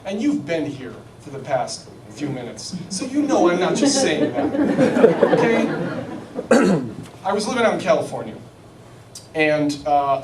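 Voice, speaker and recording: A man doing stand-up, telling a rambling, self-mocking story in an animated way. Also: mid-range voice, background noise. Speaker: stand-up comedian. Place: comedy stage before a live audience. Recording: echoey live venue, mic at a distance, loud crowd. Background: audience laughter.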